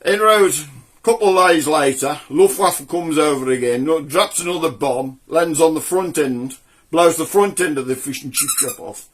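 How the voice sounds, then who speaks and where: A man's voice: fairly high pitch, normal speed, fairly bright tone. A man with a Black Country accent, hosting a comedy show and telling jokes in a chatty way. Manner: chatty joke-teller. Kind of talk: comic storytelling.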